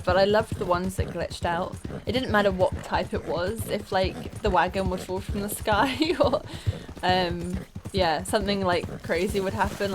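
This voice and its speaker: Chatty woman doing gameplay commentary. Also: mid-range voice. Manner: chatty and rambling, thinking aloud. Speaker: let's play gamer. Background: game music and horse hooves.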